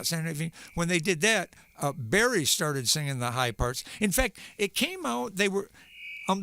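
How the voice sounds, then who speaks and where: High, bright-voiced man chatting between songs. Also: vocal fry, dry recording. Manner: rambling, searching for words with many fillers. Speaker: singer-songwriter. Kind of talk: live-stream chat between songs.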